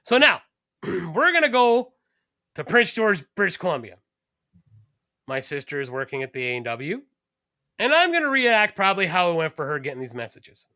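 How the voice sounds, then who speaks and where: A man hosting a podcast, telling a story with lots of cursing and animated energy. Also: high-pitched, normal speed, pauses often, no echo, studio quality. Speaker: podcast host, garbage collector. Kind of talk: casual podcast chat.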